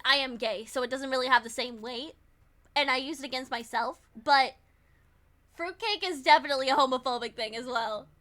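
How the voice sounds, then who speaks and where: Bright-voiced woman streamer, blunt chat. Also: high-pitched. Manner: chatty, blunt, swears. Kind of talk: casual game commentary.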